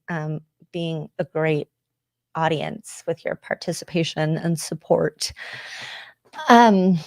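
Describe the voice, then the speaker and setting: American woman host, lowish voice, dry close sound, confessional and chatty with casual swearing. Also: dry recording. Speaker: podcast host. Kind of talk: candid livestream chat with viewers.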